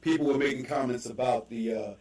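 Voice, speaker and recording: A podcast host with a Baltimore accent chats casually in a mid-range voice, jumping loosely between stories and asides with quick laughs. He sits a little off the mic, so the room lends his voice a roomy echo.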